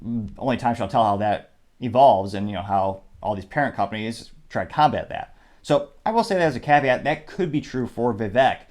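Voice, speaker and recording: A man with a mixed Midwest and Southern American accent hosting a political commentary show, explaining in a measured way with frequent asides and reading quotes aloud. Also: mid-range voice, a little mellow. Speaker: show host.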